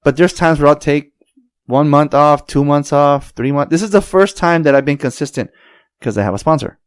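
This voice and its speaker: A man's voice: a little high, moderate pace, smooth, no room sound. Chill podcast host guy, slangy, super dry sound. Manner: laid-back, loose slang. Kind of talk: casual chat.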